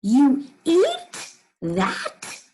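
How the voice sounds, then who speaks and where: A woman reading aloud as a doubtful, easily surprised male elephant from a children's storybook, with a slow, questioning, incredulous delivery. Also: sits high, huge pitch swings, dark tone, slight background noise, full character voice.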